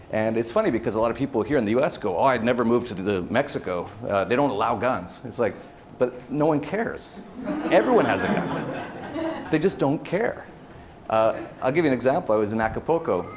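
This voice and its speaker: A man's voice: lowish voice, slight background noise. Chatty man telling stories on stage. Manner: animated storytelling with many fillers and restarts. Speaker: conference speaker. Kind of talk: casual conference talk. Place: event hall.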